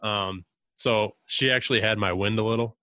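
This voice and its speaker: A man hosting a podcast, telling hunting stories in a relaxed, drawn-out way with mild cursing. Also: fairly low pitch, no room sound. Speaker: podcast host. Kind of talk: casual hunting chat.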